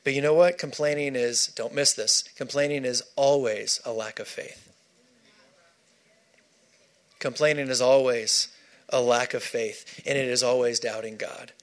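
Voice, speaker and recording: A man's voice: mid-range voice, fairly even intonation, a little slow. A man preaching a sermon, emphatic and repeating key phrases for stress.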